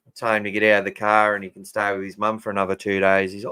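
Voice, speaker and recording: A man's voice: fairly low pitch, completely flat delivery, very fast, sharp tone, clear, resonant tone. An Australian man hosting a casual fan podcast, chatting and answering listener comments. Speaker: podcast host.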